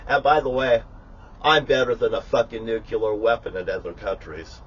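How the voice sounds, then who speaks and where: A man's voice: medium pitch, moderate pace, highs cut off, a little hiss or hum. A man talking casually in a rambling, profane, grandiose rant while cooking in his kitchen. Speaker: vlogger. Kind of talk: rambling live vlog monologue.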